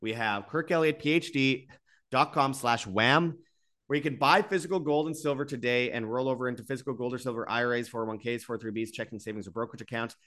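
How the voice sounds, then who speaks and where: The host of an alternative media channel, a man with a medium-pitched, fairly bright voice, talks at a quick pace through a frustrated monologue that repeats itself and keeps surging into bursts. He finishes by reading sponsor spots.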